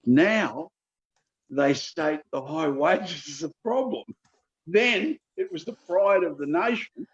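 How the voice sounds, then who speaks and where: A man in his seventies with a Queensland Australian accent, answering interview questions in a folksy, emphatic way and repeating figures slowly for effect. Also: fairly high pitch, dull audio. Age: 70s. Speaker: politician guest.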